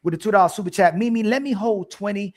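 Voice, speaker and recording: A man hosting a livestream talk show, arguing loudly and emphatically, repeating himself and talking over his guests. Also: high-pitched, fast talker. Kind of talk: heated casual debate.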